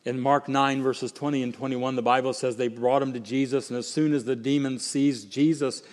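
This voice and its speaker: A man preaching a sermon with emphatic swings from quiet, slow lines to raised ones. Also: mid-range voice, fairly even intonation. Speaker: pastor. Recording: long hall reverb.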